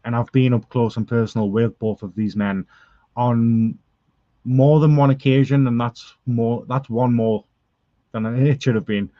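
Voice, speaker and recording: A man's voice: mid-range voice, fairly even intonation, unhurried, dry recording, highs cut off. A man cutting a dramatic, emotional wrestling promo as general manager. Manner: dramatic, earnest, emotional outbursts.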